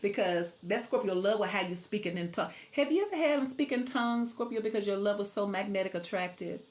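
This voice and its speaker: A woman's voice: mid-range voice, expressive, quick pace. A middle-aged woman giving a casual tarot reading to camera, chatty, laughing often and sometimes breaking into song. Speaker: tarot reader.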